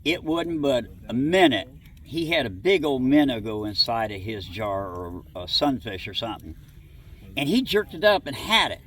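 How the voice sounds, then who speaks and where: With lively intonation and a moderate pace, a middle-aged southwest Ohio man shares childhood memories during an interview. His voice sits in the mid range with a fairly bright tone, and he rambles folksily while voicing bits of dialogue. The recording has a far-off mic and slight background noise.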